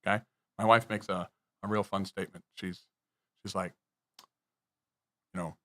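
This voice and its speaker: A man's voice: deep voice, steady tone, normal speed, pauses often, sharp tone. A man guest on a business podcast, lecturing emphatically through numbered points with frequent swearing. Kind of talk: podcast interview.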